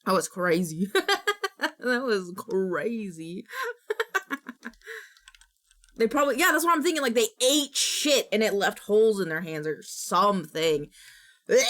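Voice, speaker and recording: A young woman streaming and chatting casually, taking her time with each phrase. She reacts big, with shrieks, groans and stumbling restarts. Her pitch sits in a middle range for a woman. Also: very animated, unhurried, pauses often, fairly bright tone. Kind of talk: casual live-stream chat.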